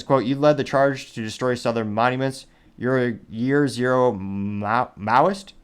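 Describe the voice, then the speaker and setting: A male host giving commentary on news and social media posts, reading comments aloud with dry asides. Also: mid-range voice. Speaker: show host.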